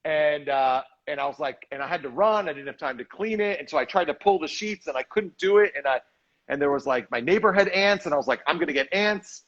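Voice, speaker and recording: A man's voice: on the high side, expressive, a little fast, a bit bright, lo-fi sound. A man, an actor and director, talking casually and reflectively in a live video chat, rambling a little and sounding tired. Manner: reflective, rambling, self-deprecating.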